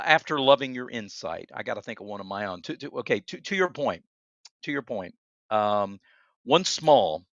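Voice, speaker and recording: A man co-hosting a casual motivational chat, animated and encouraging, often searching for words. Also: medium pitch, no echo. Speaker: co-host. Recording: dry, slightly muffled lo-fi audio.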